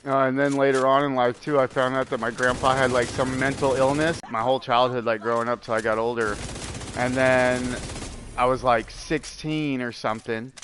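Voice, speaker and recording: A man's voice: mid-range voice, fairly even intonation, normal speed, background noise. A man streaming a video game, rambling casually and chatting with his viewers, with many fillers and asides. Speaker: gaming streamer. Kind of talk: casual storytelling while gaming.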